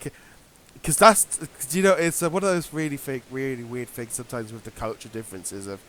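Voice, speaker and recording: A British man co-hosts a podcast, speaking in a mid-range, fairly bright voice with a slight hiss or hum in the background. His chat is casual and rambling, halting along with plenty of fillers and restarts.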